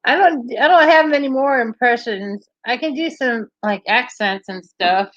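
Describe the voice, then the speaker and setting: A woman's voice: on the high side, normal speed, fairly bright tone, dry recording, highs cut off. A woman hosting a livestream, chatting casually and cheerfully with viewers and laughing often. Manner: bubbly, laughs often, chats with live comments. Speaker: livestream host.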